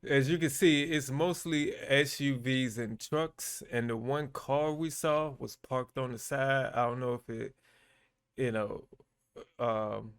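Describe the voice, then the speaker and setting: A man's voice: mid-range voice, steady tone, slow, a little hiss or hum. A man hosting his own channel, giving laid-back, chatty commentary with frequent fillers. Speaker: vlogger and host. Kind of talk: casual commentary.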